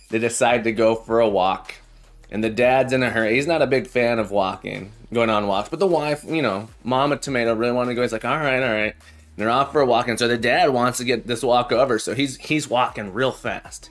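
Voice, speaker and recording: A man's voice: medium pitch, fairly bright tone. A man who teaches programming, chatting casually on a live coding stream, telling jokes and often repeating his phrases. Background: faint background music.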